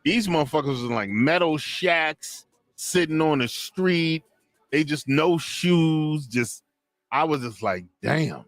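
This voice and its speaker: A man's voice: on the high side, measured pace, dry recording, faint music behind. A man co-hosting a video reaction show, telling slangy stories in casual chat. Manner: animated storytelling, slangy.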